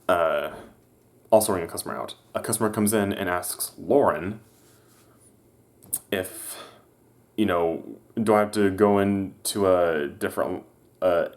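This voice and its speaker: A young man casually telling a work story, hesitant, with many restarts and fillers. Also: deep voice. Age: young adult. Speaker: vlogger.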